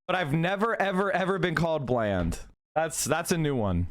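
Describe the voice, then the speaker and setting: A male livestreamer talks straight to his chat in a heated, emphatic rant. His voice sits high for a man. He swears freely and repeats phrases to drive each point home. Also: normal speed. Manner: profane. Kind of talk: livestream commentary, reacting to chat.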